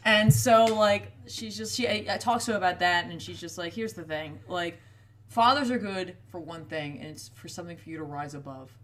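A woman's voice: lowish voice, moderate pace, fairly bright tone. A woman in casual chat, animatedly retelling a book's plot and acting out the characters' lines. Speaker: podcast co-host retelling a book.

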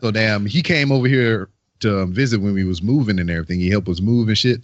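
A low-pitched man chatting on a podcast, telling loose stories peppered with swearing. The recording sounds dull and lo-fi. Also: quick pace. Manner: profane, loose storytelling. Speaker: podcast co-host. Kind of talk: casual chat.

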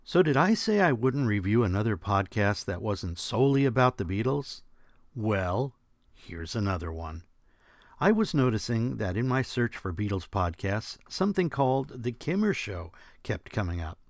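A man's voice: fairly low pitch, sing-song, moderate pace, no echo, studio quality. A man hosting a podcast and reading scripted commentary in a wry, sarcastic manner. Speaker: podcast host.

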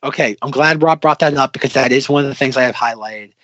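A man's voice: medium pitch, fast, a bit bright, no room sound. A man co-hosting a podcast in casual chat, rambling with lots of restarts. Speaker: podcast co-host. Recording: slightly dull, lo-fi recording.

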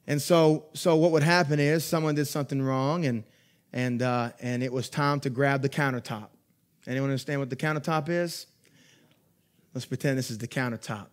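A young man preaching a sermon as pastor. He talks in a lively, conversational way, swinging between loud emphatic peaks and quiet asides, and laughs through his stories. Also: mid-range voice, normal speed. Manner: laughs while telling stories.

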